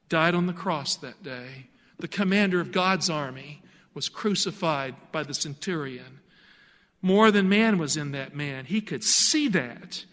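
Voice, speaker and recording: Male preacher, high-pitched, earnest and emphatic, sermon in a reverberant hall. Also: sharp tone.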